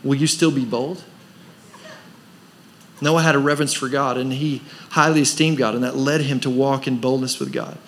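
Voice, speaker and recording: A man's voice: mid-range voice, steady tone, normal speed, a bit bright, slight background noise. A man preaching a sermon as pastor of a church, pressing his points with rhetorical questions and rising emphasis. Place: church service.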